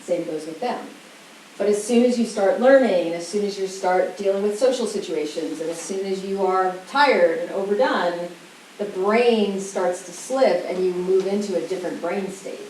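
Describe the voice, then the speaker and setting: A woman giving an animated talk to parents, sometimes acting out children's voices, recorded in a roomy school room from far off with faint hiss. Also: medium pitch, normal speed. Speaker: parenting educator.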